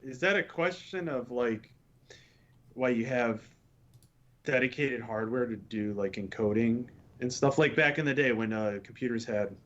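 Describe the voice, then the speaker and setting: A man co-hosting a casual tech talk, halting as he explains technical ideas with examples. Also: medium pitch, fairly bright tone, muffled recording. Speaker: podcast co-host.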